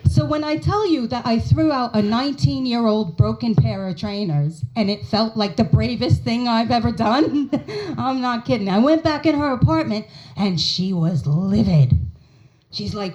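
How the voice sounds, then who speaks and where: An American woman in her forties performs a stand-up set at a small pub comedy night. Her voice sits fairly high and rises and falls a great deal, and she acts out her mother's lines as she tells the story. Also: lively intonation, a little fast, darkish tone, poor audio. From United States.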